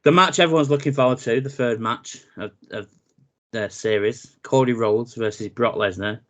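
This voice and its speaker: A man, co-hosting a casual wrestling chat, running through a match card with animated, jokey asides. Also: mid-range voice, moderate pace. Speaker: podcast co-host.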